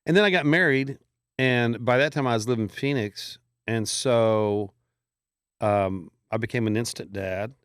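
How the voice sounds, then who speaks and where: A man's voice: mid-range voice, a little slow, a bit bright, smooth, no room sound, clean studio sound. A middle-aged man, a podcast guest telling long rambling stories in casual chat and acting out the voices of people he quotes. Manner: rambling storyteller who acts out quoted voices.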